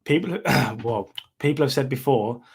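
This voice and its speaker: British male musician guest, mid-pitched, relaxed and matter-of-fact, on a call. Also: a little slow, creaky, breathy edge. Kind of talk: casual chat. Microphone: video call.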